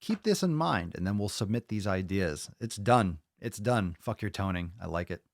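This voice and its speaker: A man's voice: fairly low pitch, lively intonation, normal speed, no echo, studio quality. A man hosting a fitness podcast in casual chat, ranting bluntly and swearing often. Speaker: podcast host.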